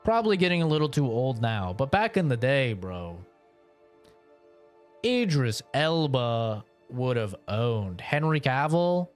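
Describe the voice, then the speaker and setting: A man's voice: mid-range voice, big pitch swings, unhurried, soft background music. A young man streaming and chatting casually, rambling and joking with a lot of swearing. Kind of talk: casual chat.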